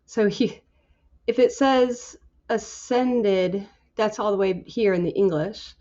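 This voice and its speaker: A woman leading a Bible study, slowly working through scripture word by word in a halting, musing, tentative way. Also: medium pitch, warm tone, muffled recording.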